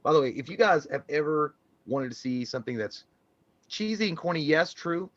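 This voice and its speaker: A man with a slightly high voice rambles casually through a live stream chat, swearing freely and laughing along the way. The sound is dry and a little dull, as from a modest home microphone. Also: animated, a little fast, a bit bright, dry recording. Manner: profane, rambling, laughs a lot.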